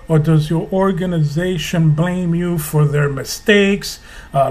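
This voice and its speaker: A middle-aged man giving an impassioned, preachy monologue to camera, hammering home rhetorical questions slowly and with emphasis. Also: sits high. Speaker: religious video host.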